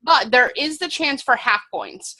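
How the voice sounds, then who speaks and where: A young woman co-hosting a casual podcast and quizzing her partner on trivia. She talks with teasing, quick comebacks. Her voice sits a little high and sounds bright and forward. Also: animated. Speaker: podcast co-host, trivia quizmaster. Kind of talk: casual chat.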